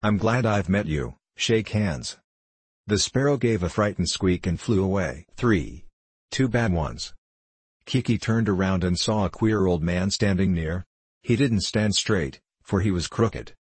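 Deep, husky male storybook narrator. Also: no room sound. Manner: steady, measured reading.

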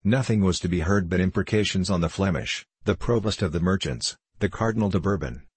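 Male audiobook narrator, measured reading, deep husky voice, dry close sound. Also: darkish tone, dry recording.

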